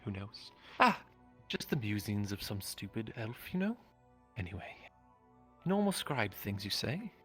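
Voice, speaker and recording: A man's voice: lowish voice, sing-song, measured pace, bright, forceful tone, slightly rough, faint music behind, exaggerated voice. A man voicing a curious, gossipy male elf in a live fantasy roleplay, inquisitive and teasing, musing aloud. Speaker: roleplay player.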